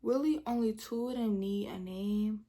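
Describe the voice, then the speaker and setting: A woman's voice: medium pitch, normal speed, dark tone. A young woman, telling a storytime in casual chat, retelling with dramatic quotes and whispered asides. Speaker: vlogger.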